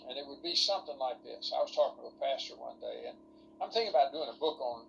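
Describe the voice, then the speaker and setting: A man's voice: medium pitch, lively intonation, quick pace, vocal fry, a bit bright, a little hiss or hum, rough recording. A man lecturing ministry students in an online workshop over a video call, folksy and rambling, full of rhetorical questions.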